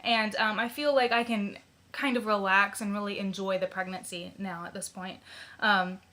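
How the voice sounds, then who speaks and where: A young woman talks to her camera in a chatty, giggly way, with plenty of ums and likes. Her voice is bright and clear, sitting at a middle pitch for a woman. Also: fairly even intonation, normal speed. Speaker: vlogger. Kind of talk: casual pregnancy vlog.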